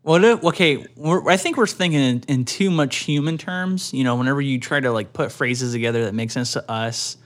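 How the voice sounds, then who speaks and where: A man's voice: medium pitch, fairly quick, hardly any pauses. A man co-hosting a casual comedic chat, playful, riffing and often laughing. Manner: playful, laughs often, riffs on absurd bits.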